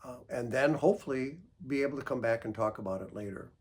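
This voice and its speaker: A man counselor calmly giving advice, patient and gentle, explaining through examples. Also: medium pitch, quick pace, husky. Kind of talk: calm instructional talk.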